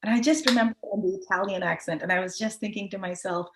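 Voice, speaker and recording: A woman's voice: medium pitch, quick pace, background noise. A woman in her fifties, a podcast guest, telling a story in a rambling, casual way full of "like" and "you know". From United States. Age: 50s.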